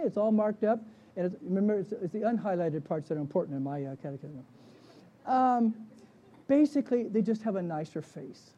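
A man's voice: sits high, mellow, muffled recording. A man, a pastor, leading a conversational Bible study, often checking in with the class with questions.

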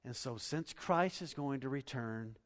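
A man preaching a sermon, moving between quiet teaching and loud, emphatic preaching. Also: mid-range voice, a little slow. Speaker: pastor. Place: church sanctuary. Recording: reverberant church hall.

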